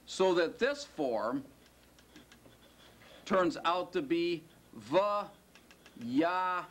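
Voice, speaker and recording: His voice is a little high and a bit bright. As a Hebrew teacher, he lectures, asks his students questions, and elongates the important words.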